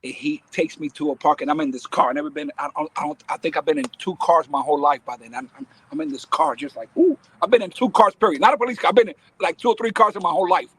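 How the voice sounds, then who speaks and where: A man's voice: on the high side, quick pace, gravelly, few pauses, husky. A man from the Dominican Republic telling his life story as a podcast guest, acting out the people in it. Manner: lively, acts out voices in his stories. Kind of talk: animated storytelling.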